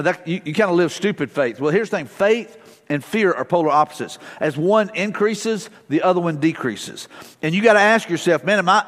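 A man's voice: high voice, fairly bright tone. A middle-aged man preaching a casual, storytelling sermon as pastor, with frequent fillers and restarts. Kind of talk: conversational sermon. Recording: long reverb of a large hall.

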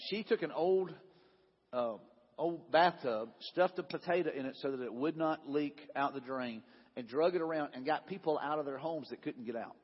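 A man's voice: on the high side, breathy edge. A man preaching a sermon, telling a story in a conversational way and often repeating himself. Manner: conversational, repeats himself, quotes people in dialogue. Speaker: pastor. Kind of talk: sermon with slides. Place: church sanctuary. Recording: dull sound in a large echoing hall.

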